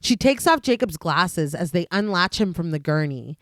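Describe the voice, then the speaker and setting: A woman podcast host reading a steady, scripted recap of a film's plot, with dry asides. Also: fairly low pitch, normal speed, no echo.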